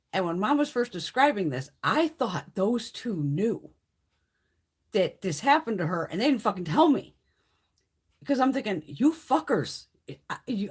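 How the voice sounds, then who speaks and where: A middle-aged woman hosting a casual beauty livestream, telling stories in a profane, animated way. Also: medium pitch, slightly rough.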